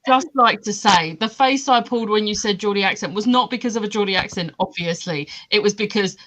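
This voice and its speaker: A woman's voice: mid-range voice, a little fast, crowd noise. A woman with a light London accent, chatting casually with friends about books and laughing easily. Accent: mild London. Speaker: book club guest. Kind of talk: casual chat.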